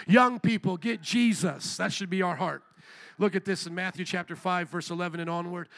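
High, bright-voiced preaching man. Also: fairly even intonation, fairly quick. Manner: impassioned, rhetorical questions to the congregation. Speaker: pastor. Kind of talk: sermon.

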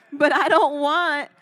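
A woman's voice: fairly high pitch, a bit bright. A woman preaching a sermon, emphatic, calling out to the congregation and laughing between points. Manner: emphatic, calls out "Amen?" and "Come on".

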